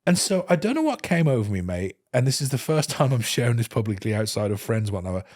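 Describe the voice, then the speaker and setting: A man, a podcast host telling a personal story in casual chat, animated and acting out what people said. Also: mid-range voice, quick pace, no echo, studio quality. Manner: animated, acts out quoted speech.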